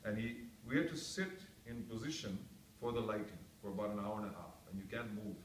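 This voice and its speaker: A man's voice: lowish voice, fairly quick. A man who is an actor, telling anecdotes to a reunion audience in a chatty, self-mocking way full of asides. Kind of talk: casual anecdotal storytelling. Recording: echoey room, distant mic, faint background noise.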